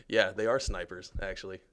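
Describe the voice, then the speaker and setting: Male game developer, deep gravelly voice, chatty, jokey live commentary. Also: slight background noise. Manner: chatty and jokey, many fillers. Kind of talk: casual live gameplay commentary.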